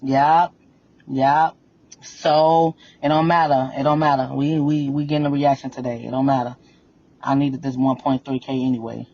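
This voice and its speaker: A woman's voice: very deep voice, steady tone, moderate pace, warm tone, dull audio. A woman venting on a livestream, blunt and confrontational, repeating her points again and again. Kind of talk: heated livestream rant.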